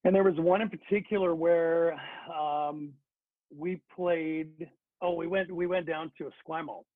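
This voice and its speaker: A man's voice: fairly high pitch, fairly even intonation, a little slow, no room sound. A middle-aged man who is a former hockey player, telling a story in a chatty, casual way with many fillers and restarts. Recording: dry phone-like sound.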